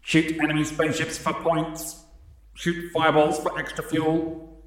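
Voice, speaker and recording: A man putting on a stiff robot voice, reading game instructions in a monotone. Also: a little high, a little slow, heavy reverb, close to an everyday voice, low-quality recording. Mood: mechanical.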